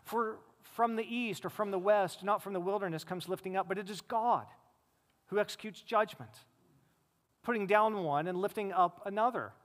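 High-voiced preaching man in a reverberant hall. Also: moderate pace. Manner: emphatic preaching, swings between loud rises and low, quiet stresses. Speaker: pastor. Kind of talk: sermon. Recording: long reverb of a large hall.

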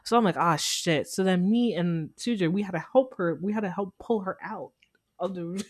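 A woman's voice: fairly low pitch, normal speed, dry recording, clean studio sound. A young woman co-hosting a podcast, telling concert stories in casual chat, laughing often. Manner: animated storyteller, mimics other voices, laughs often. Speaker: podcast co-host.

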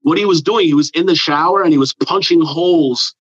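This comedian guest from the New York area has a voice on the high side and talks fairly quickly, telling a rambling, profane story in casual podcast chat. He animates it with put-on quotes. The recording is dry, dull and lo-fi.

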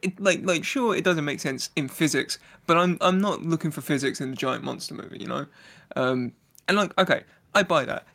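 A man co-hosting a casual movie review chat, retelling scenes in an animated way and laughing as he talks. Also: fairly high pitch, a little fast, vocal fry. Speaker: podcast co-host.

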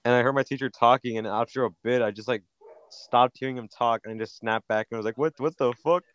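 A man's voice: mid-range voice, little pitch movement, fast talker, fairly bright tone, clean tone, dry recording. A man from the US West Coast chatting on a podcast, rambling through stories with lots of fillers. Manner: rambling, filler-heavy storytelling. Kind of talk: casual chat.

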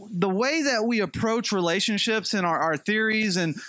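Brief: a high-pitched male preacher, chatty and humorous, dry recording. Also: moderate pace, no room sound. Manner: conversational, animated storytelling with light humor. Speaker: pastor. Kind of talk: sermon.

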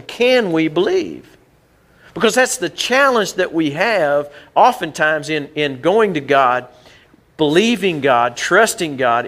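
A man's voice: fairly high pitch, a bit bright. A middle-aged male pastor, preaching a sermon in a conversational way and often repeating and restarting his words. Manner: conversational, repeats words and jumps back and forth. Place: church sanctuary.

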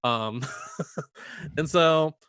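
A man's voice: fairly high pitch, drawn-out words, smooth, no echo. Brief: male storyteller, conversational, filler-heavy delivery, dry close sound. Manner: animated, lots of "like" fillers, acts out quoted voices. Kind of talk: casual storytelling chat.

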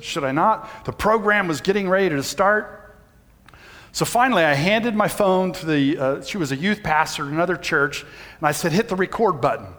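A man, preaching a sermon and telling a personal story in a folksy way. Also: fairly high pitch. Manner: folksy storytelling, shouts when reenacting. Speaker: pastor. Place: church sanctuary. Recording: reverberant church hall.

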